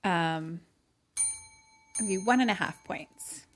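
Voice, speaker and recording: A woman's voice: on the low side, slow pace, slight background noise. Chatty woman recapping a movie. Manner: chatty, filler-heavy retelling with acted-out quotes. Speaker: podcast co-host. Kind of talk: casual chat recapping a movie.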